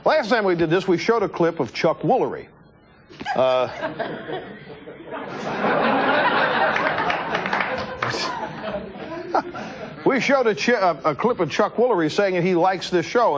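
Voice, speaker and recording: A man hosting a TV talk show, delivering an animated, joking political monologue in the studio and talking to his crew. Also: fairly high pitch. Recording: dull lo-fi TV broadcast.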